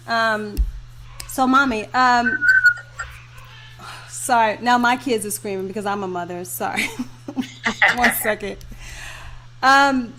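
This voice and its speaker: Effusive higher-voiced woman hosting a video call. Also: a bit bright. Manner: effusive, laughs often, gets emotional. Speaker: host of a virtual launch party. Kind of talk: casual live video chat.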